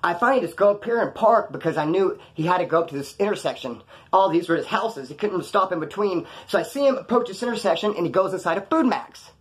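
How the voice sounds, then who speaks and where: Brief: male vlogger, high voice, rapid delivery, slangy streetwise storytelling. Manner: streetwise slang, swearing, lively acted-out quotes. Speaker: vlogger telling prison stories. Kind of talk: casual storytelling monologue.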